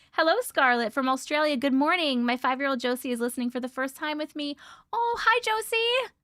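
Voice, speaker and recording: A woman with a naturally high voice hosts a casual live chat, bubbly and quick to laugh. Her pitch leaps up and down with lively swings. The sound is close and dry, with no room echo. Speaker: livestream host.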